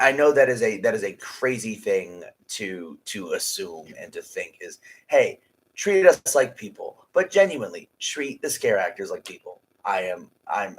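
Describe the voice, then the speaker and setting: A man's voice: fairly low pitch, a bit bright, rough recording. A man co-hosting a casual podcast, talking emphatically and bluntly, with plenty of swearing. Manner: emphatic, blunt and profane, ranting. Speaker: podcast co-host and haunted house scare actor.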